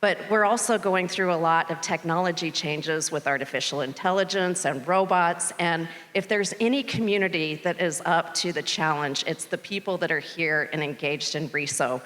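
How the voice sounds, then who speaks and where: A middle-aged woman addresses a conference audience from the stage, recounting an anecdote in a chatty, animated way. Her voice sits a little low for a woman. A long reverb from the big hall trails each phrase. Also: normal speed, hardly any pauses. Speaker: board chair giving a welcome speech. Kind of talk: conference keynote remarks. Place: large conference venue stage.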